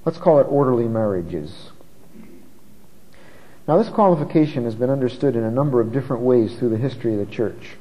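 A man delivers an expository sermon in a big church hall, slowing down to lean on key words. His medium-pitched voice is animated, and the recording sounds muffled.

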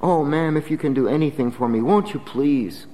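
A woman's voice: low-pitched, normal speed, dark tone, big-room sound, close to an everyday voice. A man playing a poor mother who pleads for her sick child, acted in a raised, urgent voice. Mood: pleading. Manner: pleading, breathless.

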